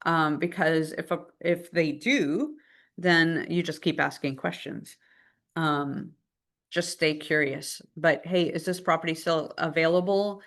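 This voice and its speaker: A woman with a fairly low voice teaches a live class in a relaxed, chatty way. She acts out quick phone calls as she goes, and she sounds lively and conversational throughout. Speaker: real estate trainer.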